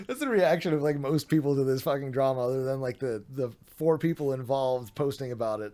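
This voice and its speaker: A man's voice: mid-range voice, animated, fast, a little mellow. A man streaming late at night, reading out online drama with tired, sardonic commentary, swearing and laughing. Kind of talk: casual live-stream commentary.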